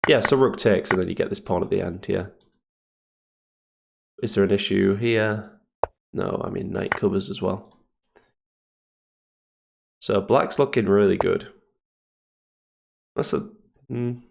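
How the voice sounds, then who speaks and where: A man streaming chess and thinking aloud in a casual, hesitant way, with a deep, gravelly morning voice. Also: unhurried, long pauses, slight background noise. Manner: thinks aloud, hesitant fillers, chuckles often. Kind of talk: casual live commentary on chess games.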